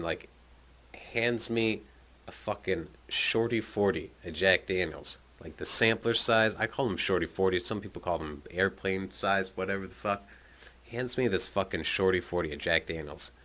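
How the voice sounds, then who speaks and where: A man with a very low voice recounting a teenage party story in loose, profane, conversational talk. His tone is bright and forceful, and he drops swearing and chuckling asides throughout. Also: moderate pace.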